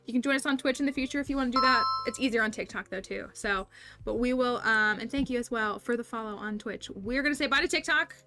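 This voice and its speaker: A woman with a slightly high voice chats her way through a gameplay livestream. She talks casually to her viewers, often breaking off to restart a thought or lay out how the game works, while soft game music plays underneath. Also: fast. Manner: chatty, self-interrupting, explains game mechanics. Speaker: streamer.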